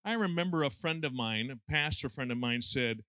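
A man's voice: mid-range voice, expressive, normal speed, pushed and bright, dry recording. A man in his sixties preaching a conversational sermon with folksy, self-deprecating humor and lots of fillers. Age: 60s.

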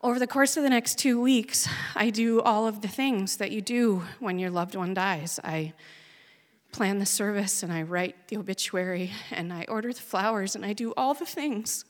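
A woman's voice: mid-range voice, moderate pace. A woman in her thirties from Oregon, telling an earnest, emotionally raw personal story on stage. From Oregon, USA. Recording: long hall reverb.

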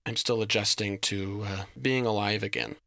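A man's voice: lowish voice, fairly even intonation, normal speed, sharp tone, dry recording, clean studio sound. A man voicing a timid, polite, friendly male goblin who talks nervously and apologetically. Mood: earnest.

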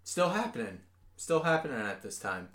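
A male podcast co-host in his thirties, chatting casually with a friend. His voice sits in an ordinary middle pitch. He jokes and swears freely, with sudden animated bursts. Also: moderate pace.

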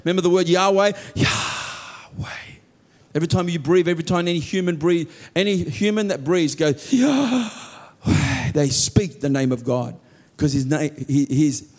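A man delivers a sermon in a fairly high voice. He preaches earnestly, often sinking into soft, low tones to stress a point. He voices heartfelt prayers aloud as he goes.

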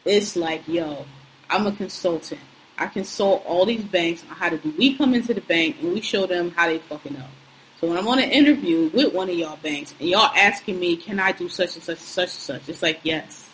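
A woman's voice: fairly low pitch, moderate pace, fairly bright tone, low-quality recording. Podcast co-host, woman in her thirties, AAVE, blunt and profane, venting in casual chat, faint hiss behind.

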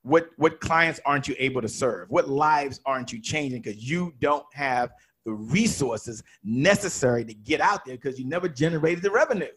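A man with a slightly husky, higher-set voice teaches sales on a podcast. His pitch swings a lot as he stresses points and acts out short exchanges with clients. He sounds emphatic and animated throughout. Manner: emphatic, plays out dialogue in little voices. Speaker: sales coach podcast guest.

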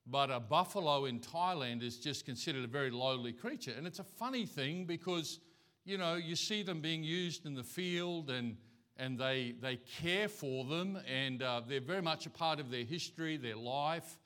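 A man's voice: fairly high pitch, moderate pace, fairly bright tone. A male pastor giving a conversational sermon in church, telling folksy stories and anecdotes.

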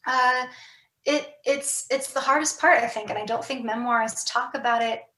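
A woman's voice: a little high, steady tone, moderate pace, sharp tone, echoey room, a little hiss or hum, low-quality recording. A woman talking candidly and reflectively as an author guest in a casual podcast conversation, with many fillers and restarts.

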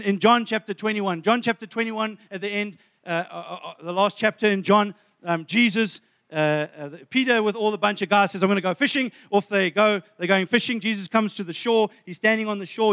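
A man's voice: high voice, brisk, a bit bright. A man preaching a sermon, retelling a story and often calling his listeners friends, with many restarts. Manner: addresses listeners as friends, stumbles through restarts.

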